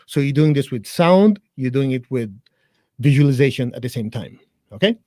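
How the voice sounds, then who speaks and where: A mid-range, animated male voice with a dark tone offers blunt, joke-filled meditation teaching as a live interview guest, talking directly to listeners. At normal speed he then guides a chant, in a dry, studio-quality recording.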